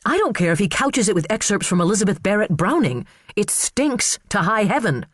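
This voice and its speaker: A man voicing a furious, sharp-tongued female prosecutor who speaks in a biting, indignant way. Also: sits high, very animated, brisk, dry recording, studio quality, pitched above the performer's own voice, exaggerated voice.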